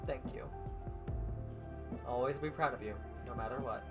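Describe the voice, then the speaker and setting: A man's voice: medium pitch, moderate pace, music in the background. A man streaming a visual novel, reading every character's lines and the narration himself, stumbling now and then and adding his own asides.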